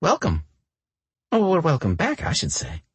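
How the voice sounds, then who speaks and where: A brash, teasing young woman from a romance audiobook, as a male narrator puts her on, her voice lifted well above his own and very breathy. She talks bluntly and playfully, with swings in pitch. The sound is close and dry. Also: huge pitch swings, moderate pace, dry recording, exaggerated voice.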